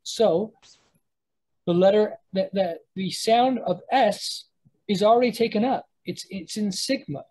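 A woman's voice: mid-range voice, unhurried, mellow, poor audio. A woman teaching a Hebrew pronunciation lesson to a live class, thinking aloud with many restarts and self-corrections as she sounds out words. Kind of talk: live class lecture with students.

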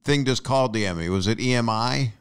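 Smooth-voiced teasing male host. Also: medium pitch, a little fast. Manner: teasing, joking interjections. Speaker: podcast host. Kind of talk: casual interview chat.

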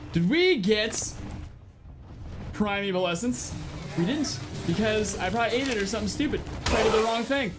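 A young man giving casual, excitable gameplay commentary, swearing often and yelling at his creatures during fights. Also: sits high, background noise. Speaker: gameplay streamer.

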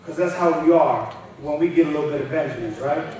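Man preaching, high voice, slangy, shouts, booming church echo, mic far off. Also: fast. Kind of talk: revival sermon. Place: church sanctuary. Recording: echoey hall, distant mic.

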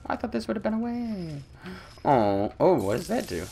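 A man giving playful let's-play commentary, goofy and taunting, with sudden loud outbursts. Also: high voice, wildly swooping pitch, normal speed, gravelly, slight background noise. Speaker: gameplay commentator.

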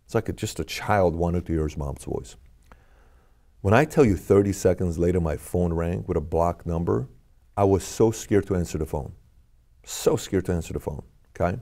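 A man's voice: low voice, moderate pace, dark tone. A middle-aged man, a podcast guest, telling a personal story in an earnest, questioning way.

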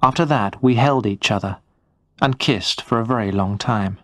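A man narrating a first-person story for English learners in a slow, clear, measured reading. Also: fairly low pitch, a bit bright, no echo, studio quality.

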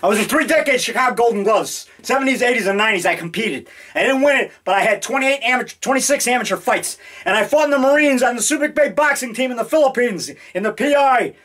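A man's voice: very high-pitched, lively intonation, fast, hardly any pauses, fairly bright tone. A man in his fifties making a rambling, boastful, jokey vlog to a camera in his home basement. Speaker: low-budget horror filmmaker. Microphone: camera mic.

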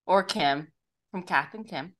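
A woman's voice: on the low side, unhurried, fairly bright tone. A woman chatting casually as a podcast guest, playful, laughing easily and swearing casually. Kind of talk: casual chat.

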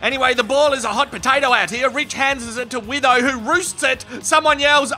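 An Australian man doing crude, cheeky comedic commentary over sports highlights. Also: steady tone, bright, forceful tone, soft background music. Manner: cheeky, crude, rapid-fire jokes.

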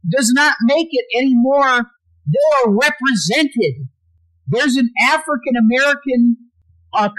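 A man with a very high-pitched voice hosts a livestream, ranting angrily and swearing constantly. His delivery swings between loud and quiet, and the recording quality is low.

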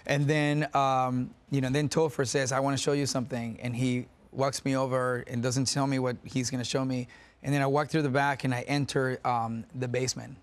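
A man's voice: mid-range voice, flat delivery, moderate pace. A man in his forties chats as a guest on a daytime talk show. He tells his stories with animation, laughs easily and often restarts his sentences mid-thought. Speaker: guest actor. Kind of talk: casual talk-show interview.

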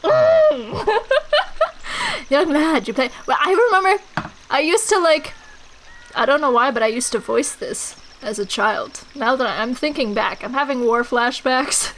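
A woman's voice: high-pitched, animated, normal speed, a bit bright, a little hiss or hum, poor audio. A young woman in loopy gameplay commentary, goofy and crude, giggling as she plays. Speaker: let's player. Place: small hot recording room. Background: game music.

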